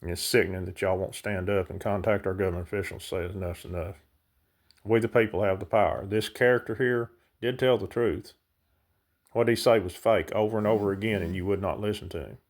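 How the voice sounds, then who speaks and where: Guy ranting at the camera, lowish voice, worked up, talks right to his viewers. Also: fairly even intonation, a little fast. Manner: heated, ranting, speaks directly to viewers. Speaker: vlogger. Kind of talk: impassioned monologue to camera.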